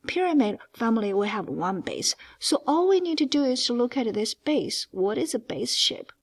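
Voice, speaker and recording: A woman's voice: on the high side, moderate pace. A woman math teacher with a non-native English accent, walking through a geometry lesson and stressing key words. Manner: emphatic, stretches key words, lively ups and downs.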